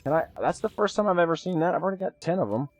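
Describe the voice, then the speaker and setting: A man streaming live gameplay, chatty and excitable, thanking viewers and swearing casually as he plays. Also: fairly high pitch, very fast, dry recording.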